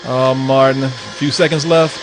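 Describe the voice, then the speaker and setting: A man's voice: medium pitch, steady tone, a little slow, music in the background. A man running a playful quiz in casual podcast chat, teasing his co-host and laughing often.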